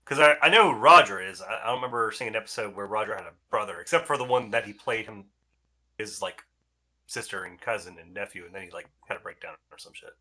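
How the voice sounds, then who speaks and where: A man's voice: lowish voice, quick pace, pushed and bright. A man in a tabletop game group, chatting casually in rambling asides. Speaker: player. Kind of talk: casual chat.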